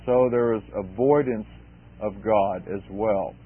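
A man's voice: lowish voice, fairly even intonation, slow, slightly rough. Emphatic male preacher, tinny sound. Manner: emphatic, repeats key phrases. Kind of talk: expository sermon. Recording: tinny phone-like sermon recording.

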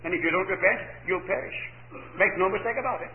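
A man's voice: high voice, quick pace. A man preaching a sermon with emphasis, posing rhetorical questions and answering them himself. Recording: echoey, phone-like lo-fi recording.

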